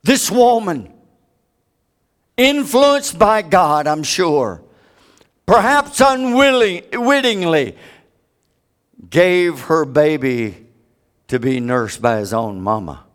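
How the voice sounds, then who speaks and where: A man preaching a sermon, with big dramatic swings from loud high peaks to hushed low stretches. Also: animated, takes it slowly, pauses often.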